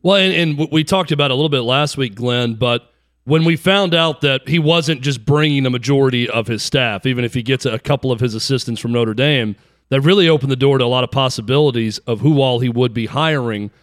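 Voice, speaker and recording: A man's voice: medium pitch, fairly quick, dry recording, studio quality. A man hosting a sports talk show, asking long, detailed questions.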